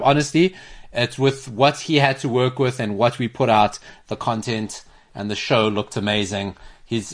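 A South African man who is standing in as host, chatting casually and playfully, joking and laughing a lot on a studio mic. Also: mid-range voice. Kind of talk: casual chat. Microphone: studio microphone.

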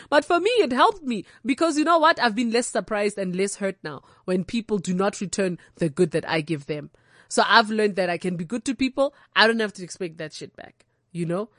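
A young South African woman telling candid, comic stories from her own life, animated and unfiltered. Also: on the high side, fairly quick, no echo, clean studio sound. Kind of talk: comic personal storytelling.

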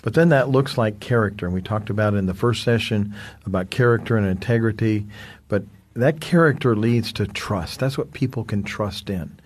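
A man with a fairly low voice speaks as a guest on a talk program. He explains his ideas methodically, point by point, and weaves scripture into them. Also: normal speed, slightly rough. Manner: methodical, lays out numbered points and quotes scripture.

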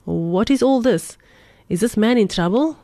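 A woman's voice: a little high, animated, unhurried, mellow, no room sound, pitched above the performer's own voice. A woman voicing an indignant male cafeteria manager who speaks sternly.

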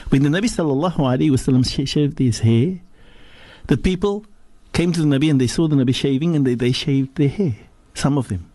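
A husky man preaches in an emphatic radio teaching style, his voice mellow and dark. His pitch sits somewhat high, and the recording is dry and close. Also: fairly quick, dry recording. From South Africa. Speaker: sheikh giving religious teaching. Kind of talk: radio religious talk. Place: radio studio.

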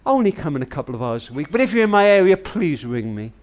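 A man voicing a kind elderly female telephone operator who talks in a soft, reassuring way. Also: low-pitched, very animated, fast, voice pushed down. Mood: tender.

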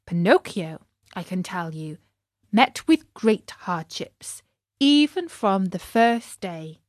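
A woman narrating a children's story in a gentle way, talking to young listeners. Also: mid-range voice, sing-song, slow pace, no room sound, clean studio sound.

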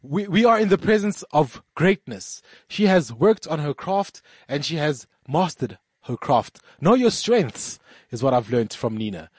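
A man's voice: fairly high pitch, sing-song, measured pace, breathy edge, no echo, clean studio sound. A male radio show host doing a rambling, joking promo. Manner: rambling, joking, laughs at himself. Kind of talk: promo talk.

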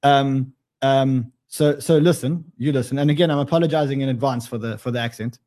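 A man's voice: mid-range voice, a little fast, darkish tone. A man with an Australian accent hosting a casual livestream, joking and rambling with many restarts. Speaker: livestream host.

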